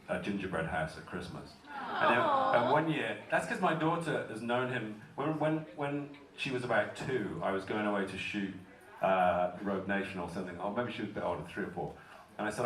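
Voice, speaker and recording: British male panel guest, lowish voice, loose and swearing, far-off echoey hall recording. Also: expressive, fairly quick, a bit bright. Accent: British English. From Britain. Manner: chatty, swears casually, self-deprecating. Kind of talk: convention Q&A, casual storytelling. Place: large convention hall.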